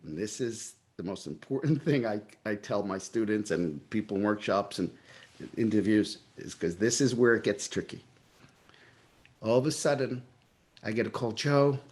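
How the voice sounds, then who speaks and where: A middle-aged man with a New York accent, telling stories in an interview and acting out his own past dialogue with lively energy. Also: lowish voice, normal speed. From Brooklyn, New York. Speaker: guest. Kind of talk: storytelling in a casual interview.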